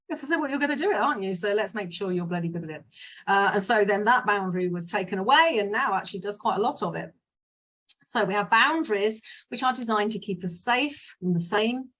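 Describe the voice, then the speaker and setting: A business mindset coach with a husky, medium-pitched voice and a fairly bright tone chats casually and frankly to her viewers. She tends to wander off into side stories.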